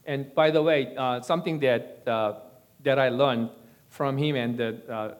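A man giving a sermon-style teaching in a measured, deliberate way. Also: medium pitch.

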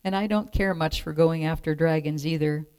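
A woman voicing a reluctant, gentle young male knight who pleads plaintively, in a storybook reading. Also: deep voice, fairly even intonation, normal speed, smooth, lightly acted.

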